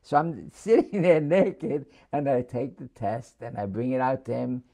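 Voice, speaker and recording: Older New man, gravelly veteran storyteller, chuckling, halting. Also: mid-range voice, dark tone. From New York City. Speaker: war veteran interviewee. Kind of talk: oral history storytelling.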